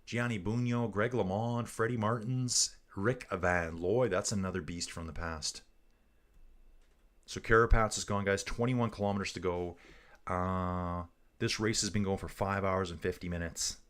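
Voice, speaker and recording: A man's voice: deep voice, steady tone, measured pace, fairly bright tone. A man hosting a casual livestream, giving race commentary and reading viewer comments aloud in a chatty, joking way.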